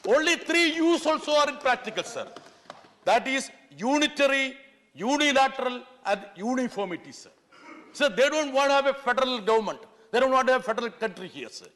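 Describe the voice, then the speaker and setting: A man's voice: very high voice, lively intonation, fairly quick, a bit bright. A middle-aged man giving an insistent parliamentary speech, repeatedly addressing the chair as "sir". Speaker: member of parliament. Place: parliament chamber. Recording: long hall reverb in a large chamber.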